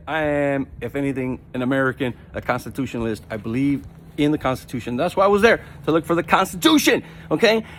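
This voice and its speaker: A man's voice: medium pitch, a little hiss or hum. A man telling a story in a casual, indignant rant for his vlog, repeating himself and building to heated outbursts. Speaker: vlogger. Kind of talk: casual ranting monologue.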